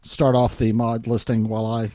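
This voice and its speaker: Medium in pitch and dark in tone, an Arkansas man in the United States keeps a level delivery at a moderate pace, recorded with no room sound. He's a podcast co-host in casual conversation, hesitating often with many fillers and restarts.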